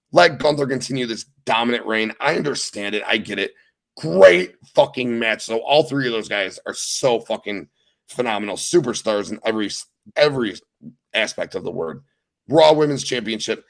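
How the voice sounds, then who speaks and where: A young man hosts a casual wrestling podcast and rattles through the weekend's matches. He talks with excited, profane emphasis and a mid-range voice. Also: mid-range voice, a little fast, vocal fry. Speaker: podcast host. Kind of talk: casual wrestling recap chat.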